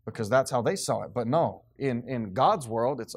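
A man preaching as pastor, reading scripture slowly and explaining it in a casual, conversational way. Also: mid-range voice, animated, gravelly. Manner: reads scripture slowly and deliberately, then talks casually with laughs. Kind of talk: sermon.

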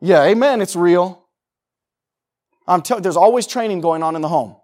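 A man's voice: high-pitched, normal speed, a little mellow. A middle-aged man preaching a sermon in an emphatic, conversational way, often repeating phrases for stress. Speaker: pastor.

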